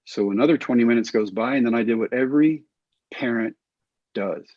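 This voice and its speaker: Middle-aged male storyteller, husky voice, dull dry podcast sound. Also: medium pitch, fairly quick, no echo. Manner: animated storyteller acting out quotes. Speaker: guest, former pitcher and coach. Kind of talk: storytelling interview.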